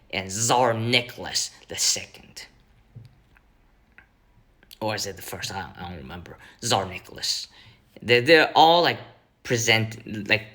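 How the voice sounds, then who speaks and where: A man's voice: fairly low pitch, pushed and bright. A man chatting casually as a streamer host, rambling and hesitant as he restarts his words. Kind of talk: casual chat.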